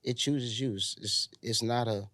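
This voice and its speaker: A man from Chicago with a Chicago accent, talking as a guest in a relaxed, slangy interview, often pausing on "um" as he reflects. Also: medium pitch, no echo, studio quality. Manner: laid-back, slangy, reflective with many ums. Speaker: R&B singer, guest. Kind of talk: casual interview chat.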